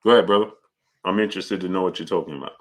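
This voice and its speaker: A man's voice: low-pitched, rapid-fire. Man hosting a boxing live stream. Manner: greets viewers by name, argues forcefully. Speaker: boxing channel host. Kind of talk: live-stream chat and commentary.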